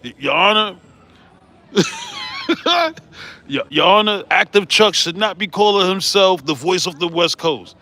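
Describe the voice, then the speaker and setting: A gruff male defendant stammers his plea to the judge, as a man puts him on in a mocking impression. The voice sits high for a man. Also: huge pitch swings, slow, pauses often, bright, forceful tone, full character voice.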